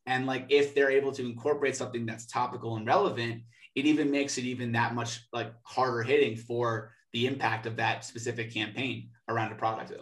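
A man's voice: medium pitch, level tone, brisk, hardly any pauses, a bit bright, far from the mic. Easygoing man in an echoey room. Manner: easygoing, lots of filler words. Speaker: podcast co-host. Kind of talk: casual chat. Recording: roomy, echoey sound.

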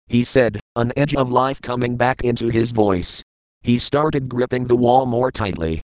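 A man narrating an audiobook in the first person, calm, measured and earnest. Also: mid-range voice, clean tone, no room sound, rough recording.

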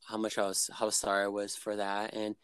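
A man in casual conversation, sharing a personal story with plenty of "you know"s and false starts. His voice is smooth and resonant. The sound is dry and close. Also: lowish voice, completely flat delivery, fairly quick, a bit bright, no room sound. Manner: rambling, frequent fillers and restarts. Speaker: guest.

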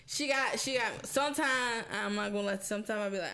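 A fairly high-voiced woman in casual conversation, blunt and profane, acting out both sides of an argument in an animated way. She talks freely among friends. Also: fast, vocal fry, hardly any pauses. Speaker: co-host. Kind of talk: casual chat.

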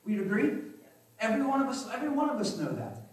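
Preaching fast but conversationally, a pastor with a fairly high male voice keeps repeating phrases and asking the congregation if they agree. The sermon is recorded from a distance in a very echoey church hall, where thick reverb trails each word.

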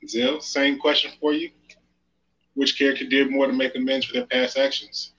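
A man moderating a casual debate, brisk as he calls time and hands over turns, heard on dull lo-fi remote audio. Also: mid-range voice, little pitch movement, fairly bright tone, breathy edge.

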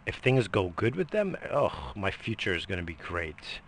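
A middle-aged man talks in a loose, profane ramble, with coughs breaking up his sentences. His voice is low and gravelly with a bright, forceful edge. Faint noise sits under the recording. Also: very animated, normal speed. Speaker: vlogger. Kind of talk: casual rambling monologue.

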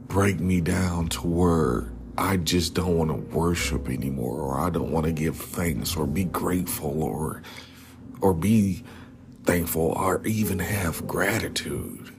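A man with a very low voice talks slowly and earnestly in an informal devotional message. He often sinks to a whisper on key words and keeps a casual tone, calling listeners "man". Clear music plays under him. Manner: casual, repeatedly says "man". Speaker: Christian speaker.

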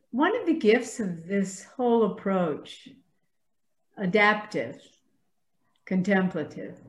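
A woman priest with a Southern US accent, speaking thoughtfully and gently in a spiritual discussion over a video call. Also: a little high. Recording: roomy echoey sound.

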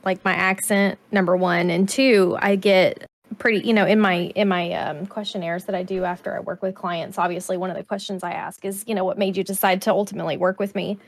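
A woman's voice: fairly low pitch, fairly quick. Chatty Southern woman. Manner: chatty and laughing, animated when excited. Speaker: podcast co-host. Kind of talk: casual chat.

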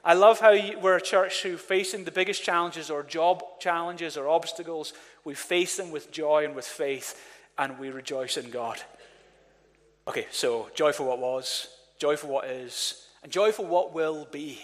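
A man preaches to his congregation with energy, urging them to answer back. His voice sits a touch high. The sound rings out with a long reverb in a church hall. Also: a little slow. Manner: energetic, calls on the congregation to respond. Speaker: pastor. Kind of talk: sermon.

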